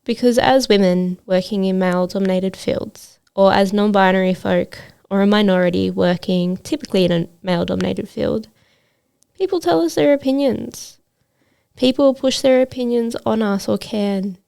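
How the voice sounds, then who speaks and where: A woman's voice: mid-range voice, moderate pace, creaky, darkish tone, clean tone. A woman hosting a solo podcast as a trades coach, talking in an earnest, motivational way with frequent fillers.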